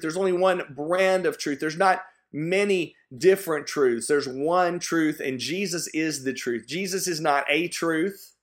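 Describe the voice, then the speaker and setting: Slow, earnest preaching man. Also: fairly high pitch, fairly bright tone. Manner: earnest, emphatic preaching with repetition. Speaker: pastor. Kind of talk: sermon.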